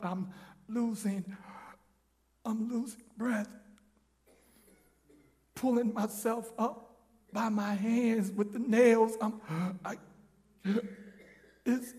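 A man preaching and voicing a dying man on a cross, hushed, breathless and fading. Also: high-pitched, flat delivery, takes it slowly, long pauses, voice pushed down. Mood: faint.

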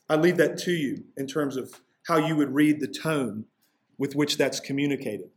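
A man's voice: medium pitch, normal speed. Man preaching a sermon. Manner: expository preaching, rising intensity on key points. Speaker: pastor.

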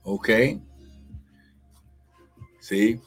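A man's voice: on the low side, very slow, breathy edge, faint music behind. A man preaching a live-streamed sermon, with fervent repetition, calls of glory and speaking in tongues, greeting online viewers by name.

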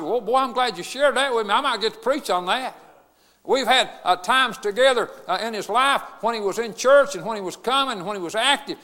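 A middle-aged man, preaching a funeral sermon in a folksy way that swings from loud to quiet. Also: very high-pitched, long reverb tail. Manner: folksy, repeats "I'm telling you what", swings from loud to quiet. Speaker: pastor.

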